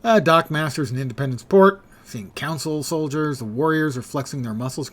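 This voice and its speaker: A man's voice: fairly high pitch, normal speed, few pauses. A man streaming a superhero game live, making joking, self-deprecating asides and reading mission text aloud. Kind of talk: live gameplay commentary.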